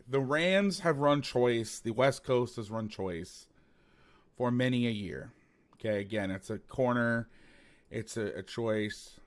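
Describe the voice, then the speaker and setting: A man's voice: mid-range voice, fairly bright tone. A man hosting a football film breakdown, talking casually and animatedly, swearing, rambling with restarts.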